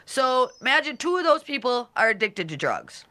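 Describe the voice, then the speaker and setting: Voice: medium pitch, big pitch swings, moderate pace, pushed and bright, no echo. Profane, combative livestream host. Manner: talks back to chat comments directly. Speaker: livestream host reading chat. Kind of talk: casual solo livestream chat.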